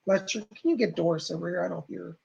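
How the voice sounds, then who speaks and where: A psychic medium gives live readings in a heavily gravelly voice. His tone is husky and rough. He speaks to viewers in a halting, reassuring way. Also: sits high, darkish tone, lo-fi sound.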